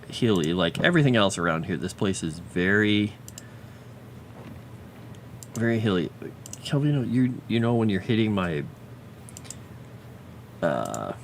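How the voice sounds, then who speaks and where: A man's voice: lowish voice, big pitch swings, takes it slowly, creaky, long pauses, slight background noise. A man casually chatting on a livestream while drawing a fantasy map, muttering to himself and cooing at his pet.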